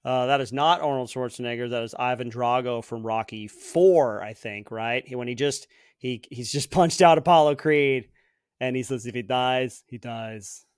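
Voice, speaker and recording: Smooth-voiced man guessing movie quotes. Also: medium pitch, moderate pace, no room sound, clean studio sound. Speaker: podcast co-host, quiz contestant. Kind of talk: casual chat.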